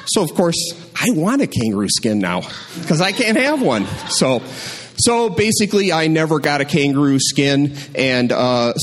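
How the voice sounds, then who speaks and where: A man telling a personal story at a live storytelling night, in a conversational, wry and deadpan way. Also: mid-range voice, slight background noise.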